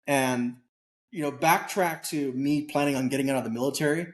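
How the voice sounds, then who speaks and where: A man guest on an interview show, telling a story in a candid, casual way with lively acted-out bits of dialogue. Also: medium pitch, moderate pace. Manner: animated storyteller who acts out quoted dialogue; candid, casual, occasionally swears. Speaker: podcast guest.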